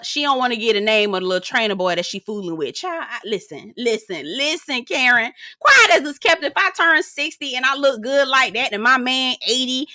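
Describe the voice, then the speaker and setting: A woman's voice: fairly high pitch, bright, forceful tone, no room sound, studio quality. A woman recapping a reality show in casual commentary, sassy and profane, mimicking the cast and laughing often.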